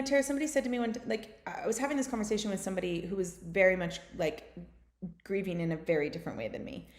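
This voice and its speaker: A woman in her thirties from the United States, telling stories in a casual podcast talk, full of fillers. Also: lowish voice. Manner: fast, filler-heavy storytelling with many "like"s. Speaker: guest. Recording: roomy echo.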